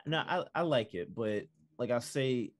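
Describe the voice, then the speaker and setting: A man's voice: mid-range voice, a little slow. A man co-hosting an entertainment podcast, talking casually and animatedly with lots of fillers. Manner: animated, filler-heavy storytelling. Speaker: podcast co-host. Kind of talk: casual chat.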